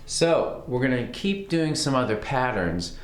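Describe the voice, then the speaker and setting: A man teaching a fiddle lesson in a relaxed, conversational way. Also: mid-range voice, measured pace, faint music behind. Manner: relaxed, conversational, counts beats aloud. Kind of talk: casual music lesson. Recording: roomy sound with fiddle playing.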